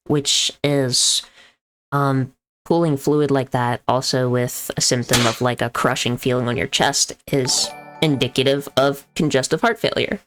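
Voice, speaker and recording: A woman's voice: a bass voice, a little slow, a bit bright, soft background music. A young woman, an EMT and streamer, chatting casually and explaining medical terms as she tells a story. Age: young adult.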